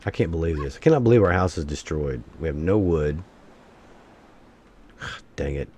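Man, let's-play commentary, low voice, lively pitch, talks to himself, cursing outbursts. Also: moderate pace, a little hiss or hum. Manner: talks to himself, bursts into exasperated curses.

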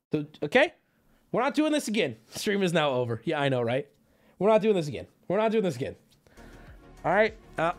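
A man's voice: on the high side, big pitch swings, brisk, pauses often, faint music behind. A man livestreaming and talking casually to his chat, rambling, joking and swearing freely. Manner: rambling, profane, jokey.

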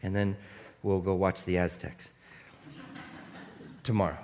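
Male pastor preaching, chatty storytelling, gets loud and shouty at times. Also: sits low, unhurried, long pauses. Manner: animated, conversational, bursts into shouts. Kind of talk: sermon with personal storytelling. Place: church.

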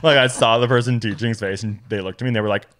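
A young man on a podcast chatting casually, an animated storyteller who acts out quotes in high, squeaky voices. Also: very fast. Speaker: podcast co-host. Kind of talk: casual chat.

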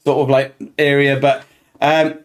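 A man's voice: medium pitch, little pitch movement, unhurried. An English man hosting a reaction video, bantering cheekily in casual chat. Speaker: reaction channel host. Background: song playing.

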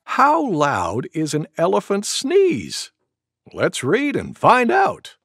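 Guy reading a kids storybook, real slow, super lively up and down, gravelly, dry. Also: sits high, no echo. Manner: gentle, expressive, slow. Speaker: storybook reader for preschoolers. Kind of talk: read-aloud children's story.

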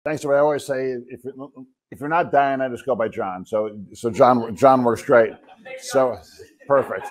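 A physician and entrepreneur in his sixties delivers a humorous keynote as a guest speaker, packed with self-deprecating anecdotes and joking asides. His voice sits at a medium pitch and moves at a normal pace, with a little hiss or hum in the background.

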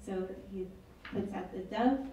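A woman's voice: mid-range voice, unhurried, warm tone, distant mic, lo-fi sound. Woman reading aloud in an echoey hall. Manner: wry, chatty storytelling. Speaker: author reading her work. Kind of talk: public reading with asides. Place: event hall. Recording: echoey hall, mic from afar.

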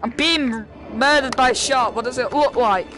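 A young man who makes gaming videos gives jokey, profane, trash-talking commentary while playing a VR game. His voice is extremely high at a normal speed, with music and loud game sounds of a boat and water making the recording noisy behind him.

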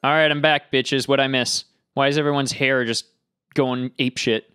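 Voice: mid-range voice, fairly even intonation, moderate pace, a bit bright, smooth, no echo. A let's player giving casual, crude and sarcastic commentary over gameplay.

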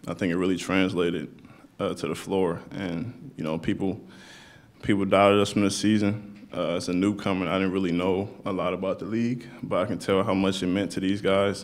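A man answering interview questions at a live event as a basketball player, relaxed and searching for words. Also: low-pitched.

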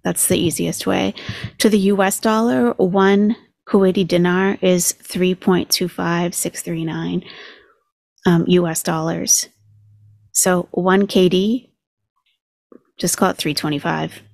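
A woman's voice: fairly low pitch, steady tone, takes it slowly, vocal fry, pauses often, darkish tone, dry recording. A woman hosting a commentary channel, chatting casually and sarcastically as she talks numbers through aloud.

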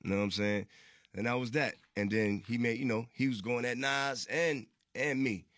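Bright, slangy New man telling stories. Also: medium pitch, moderate pace, no room sound, clean studio sound. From Queensbridge, New York. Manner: slangy, profane, acts out quoted voices. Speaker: guest. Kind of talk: casual storytelling interview.

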